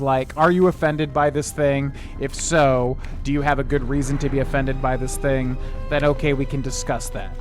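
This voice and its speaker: A man streaming a video game, talking in a casual, rambling way and humming filler syllables while he plays. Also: a little high. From United States. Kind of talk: let's play commentary.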